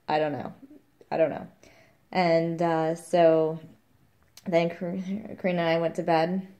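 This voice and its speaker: Warm low-voiced chatty mother. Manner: rambling and chatty, quoting others. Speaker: new mother vlogging. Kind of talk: casual vlog chat.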